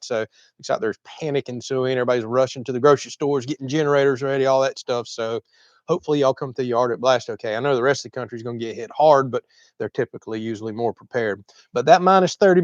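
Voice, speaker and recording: A man's voice: mid-range voice, no echo, dull audio. A man with a Southern US accent from Florida, casually chatting on a livestream as host and reading viewer comments. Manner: chatty, drawling, laughs often.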